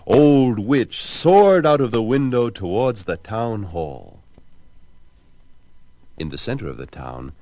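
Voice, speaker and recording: A man narrating a children's storybook record in an expressive, theatrical way. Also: deep voice, dry recording.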